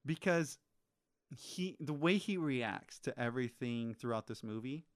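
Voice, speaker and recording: A man in casual movie chat, animated and ranting, swearing freely. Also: medium pitch, unhurried.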